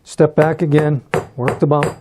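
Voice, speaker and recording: A man teaching metal forging in a hands-on demonstration, talking in a relaxed and halting way and repeating words while he works. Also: on the high side, heavy background noise. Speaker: metalsmith instructor.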